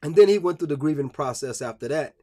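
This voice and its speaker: A man's voice: on the high side, lively intonation, fast talker, warm tone. A man giving a live-streamed religious talk, preachy and emphatic, with many fillers and restarts.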